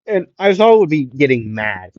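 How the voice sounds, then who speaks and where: A man's voice: on the high side, sing-song, normal speed, no room sound, highs cut off. A man improvising a fan fiction story in a rambling way, full of fillers.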